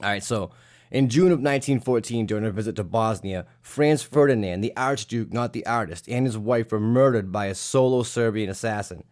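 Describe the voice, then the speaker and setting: A man's voice: fairly low pitch, a little fast, a little mellow. A man hosting a casual history podcast, irreverent, jokey and profane. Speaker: podcast host.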